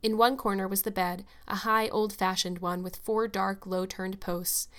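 A woman's voice: mid-range voice, steady tone, normal speed, fairly bright tone. Woman reading a storybook aloud. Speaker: audiobook narrator. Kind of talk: scripted narration.

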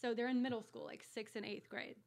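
A woman guest telling a wild personal story in a podcast studio, animated, swearing freely and laughing as she goes. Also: a little high, brisk, creaky. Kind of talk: casual storytelling.

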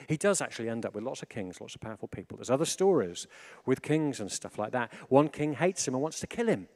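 A man preaching a sermon in a chatty, animated way, full of asides and restarts. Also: medium pitch, quick pace.

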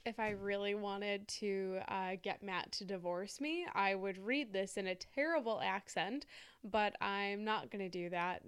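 A woman's voice: mid-range voice, a little slow, smooth. A woman co-hosting a casual podcast, chatting with frequent "like" and "um" fillers. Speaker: podcast co-host. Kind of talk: casual conversational chat.

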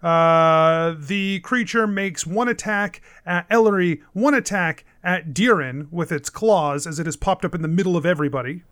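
A man narrating as game master of a tabletop game, unhurried and often pausing with "uh". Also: on the high side, a bit bright, dry recording, clean studio sound.

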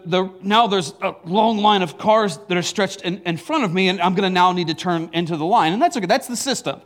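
Animated high-voiced male pastor. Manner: animated storytelling with laughs and acted asides. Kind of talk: sermon. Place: church.

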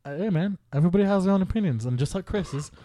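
Casual loud young guy cursing and joking on a podcast, higher voice, dead dry sound. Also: rapid-fire, no room sound. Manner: loud, profane, animated ribbing. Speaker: podcast co-host.

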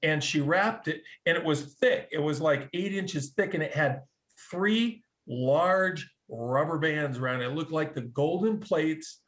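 A man tells a personal story in a casual, conversational way, his voice sitting a little high for a man. He is animated, acts out the other people's lines as he goes, and often restarts his sentences mid-thought. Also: unhurried. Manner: animated, acts out quoted dialogue, frequent restarts. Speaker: guest telling a conversion story.

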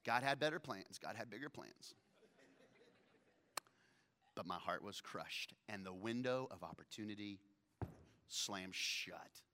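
A man's voice: lowish voice, measured pace, long pauses. A man in his thirties preaching a sermon, retelling a scripture story with humor and acting out the characters' lines. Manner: animated storyteller, acts out characters. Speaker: pastor.

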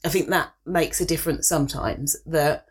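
A woman in her forties, loud, brash and outspoken, swearing freely in casual chat as a co-host. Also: low-pitched, steady tone, moderate pace, breathy edge. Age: 40s.

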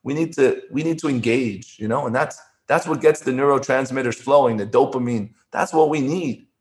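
A man's voice: mid-range voice, normal speed, a little mellow. A man, a former poker player, talking as an interview guest, earnest and given to repeating words and restarting. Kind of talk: conversational interview storytelling.

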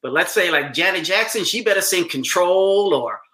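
A male comedian chats through a story in a bright, forceful voice sitting a touch high. He acts out each person he quotes and gets animated at the punchlines. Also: normal speed. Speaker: stand-up comedian. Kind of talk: casual storytelling.

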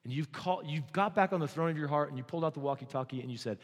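A man preaching a sermon as pastor, swinging from hushed, low passages to loud, excited stretches. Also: very fast. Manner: dynamic, swings from hushed to shouting. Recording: long hall reverb.

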